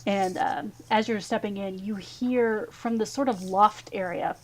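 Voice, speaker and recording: A woman's voice: mid-range voice, steady tone, a little mellow. Woman narrating as dungeon master. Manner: descriptive, with many filler pauses. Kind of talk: narrating a tabletop game.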